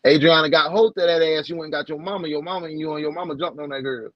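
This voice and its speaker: A man hosting a reaction video, commenting bluntly and excitably in casual slang. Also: a little high, fast talker, few pauses, dry recording. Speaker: reaction host. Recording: dull lo-fi sound.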